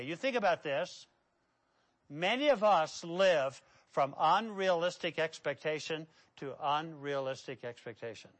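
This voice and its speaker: A man preaching a sermon, building to loud emphatic peaks and then dropping to a low, quiet delivery, with a repetitive cadence. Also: very animated, a little slow. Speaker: pastor.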